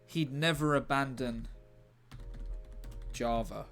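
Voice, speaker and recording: A man reading the lines of an earnest woman detective, loud and insistent, repeating herself. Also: mid-range voice, slow pace, faint music behind.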